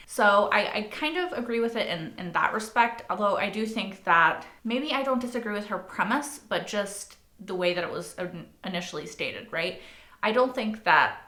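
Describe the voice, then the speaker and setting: A woman's voice: medium pitch, bright, forceful tone. A young woman hosting a reaction video, talking casually and swearing freely, with a lot of likes and rights. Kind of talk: casual spoken commentary. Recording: echoey room.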